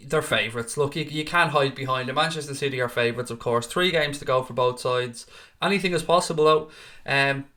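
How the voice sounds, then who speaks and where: A man's voice: a little high, sharp tone. A young man hosting a live football stream from a home green-screen studio, greeting viewers by name and reading their comments aloud. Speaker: livestream host.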